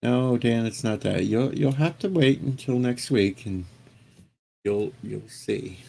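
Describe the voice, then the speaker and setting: A man hosting a livestream, chatting casually with a guest and his viewers in a relaxed, jokey way and stumbling into his sentences. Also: medium pitch, slow pace, vocal fry. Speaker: livestream host. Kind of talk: casual chat.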